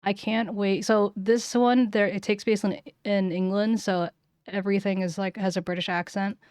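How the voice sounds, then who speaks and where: A woman's voice: mid-range voice, flat delivery, normal speed, darkish tone, clean tone, no room sound, clean studio sound. A woman streamer in casual chat who rambles and gropes for words, with many likes and ums.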